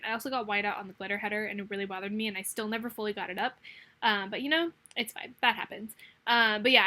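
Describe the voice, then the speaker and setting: A young woman narrating her planner spreads in a casual, rambling voice-over, talking fast and hyper from caffeine. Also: on the high side, bright, forceful tone. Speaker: planner vlogger.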